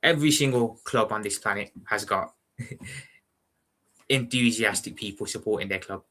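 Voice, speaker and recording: Scouse fella doing a footy watchalong, low-ish voice, bright and forceful, keeps rambling on. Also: male voice, normal speed. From Liverpool, England. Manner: blunt, rambling, repeats "you know what I'm saying". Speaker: football watchalong streamer. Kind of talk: casual live-stream chat.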